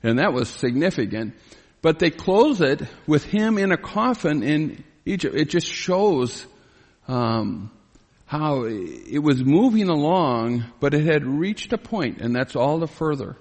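A man's voice: fairly high pitch, very animated, darkish tone. A man preaching a sermon, reading scripture verses aloud and stopping to explain them, growing earnest and pleading as he voices a biblical figure. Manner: reads scripture aloud and pauses to explain, grows pleading when voicing Joseph. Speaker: pastor. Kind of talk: expository Bible sermon. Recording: long reverb in a hall.

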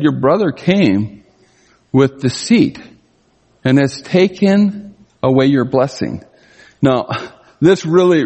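A pastor giving an expository sermon, reading scripture and commenting on it in a conversational, emphatic way. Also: male voice, mid-range voice, a little mellow, husky. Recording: long reverb of a large hall.

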